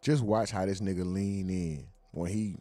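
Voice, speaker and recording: A man's voice: sits low, moderate pace, dark tone, no room sound. A man hosting a livestream in a loose, profane, slangy way, thanking viewers and reading out their donations. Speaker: livestream host.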